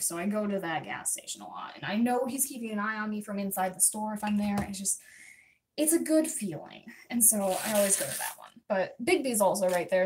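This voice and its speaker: A young adult woman livestreamer telling a story to her chat in a rambling, chatty way, full of quick asides. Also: mid-range voice, lively intonation, darkish tone, slight background noise. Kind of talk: casual storytelling to live chat. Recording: voice a bit distant from the mic.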